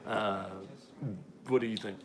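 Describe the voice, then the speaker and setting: A man's voice: lowish voice, fairly even intonation, unhurried, noisy background. An American man hosting a casual live-stream chat, reading viewer comments aloud and laughing often. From United States. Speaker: podcast host.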